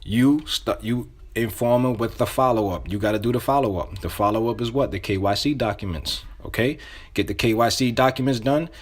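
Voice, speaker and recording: A man's voice: mid-range voice, fairly quick. A man giving casual sales coaching, talking loosely with restarts and repeating himself as he acts out sample phone calls. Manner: loose, conversational phrasing with restarts. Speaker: sales trainer. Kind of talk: casual instruction.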